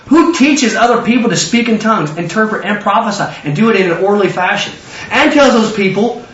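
Lively male preacher, high pitch, plays the scripture figures in voices; dull lo-fi distant room recording. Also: quick pace. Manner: animated, acts out biblical figures in excited voices. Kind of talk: sermon. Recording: roomy, distant, dull lo-fi sound.

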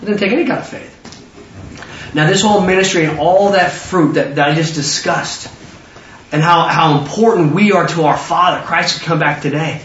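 Lively male preacher, high pitch, plays the scripture figures in voices; dull lo-fi distant room recording. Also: moderate pace, slight background noise. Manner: animated, acts out biblical figures in excited voices. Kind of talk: sermon. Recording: roomy, distant, dull lo-fi sound.

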